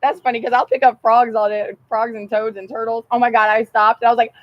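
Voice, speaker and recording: A young woman vlogging outdoors, telling a rambling story in a casual, profane, animated way and laughing often. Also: on the high side, fast, hardly any pauses, no room sound, highs cut off.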